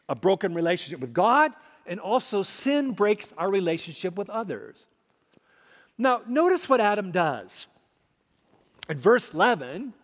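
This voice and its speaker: A man preaching a sermon as a pastor, emphatic, swinging between loud and hushed. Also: high-pitched. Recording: long hall reverb.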